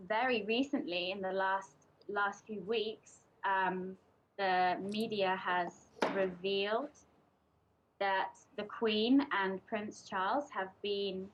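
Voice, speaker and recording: A young woman from England giving a casual, chatty presentation to a group, hesitating often with ums and restarts. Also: medium pitch. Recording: dull lo-fi recording.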